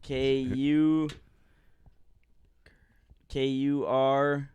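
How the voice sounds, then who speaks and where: Slow, halting man spelling out loud. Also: medium pitch, level tone, clear, resonant tone, no room sound, muffled recording. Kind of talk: casual podcast banter.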